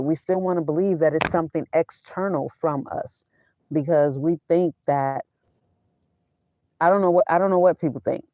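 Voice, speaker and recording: A woman's voice: low voice, dry recording. Woman preaching casually in a dry van. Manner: preachy, quotes scripture, casual slang. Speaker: vlogger. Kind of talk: casual spiritual talk. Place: inside her van. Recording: dull, dry sound.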